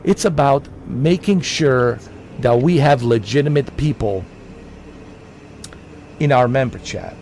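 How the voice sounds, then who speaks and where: A man talks straight to his livestream chat in a loose, rambling way. He circles back over the same points, preaching at his viewers. A faint hum of traffic sits low behind him. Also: slow pace, long pauses, a little mellow. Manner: rambling, preachy, repeats himself. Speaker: livestream host. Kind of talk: casual livestream talk to chat.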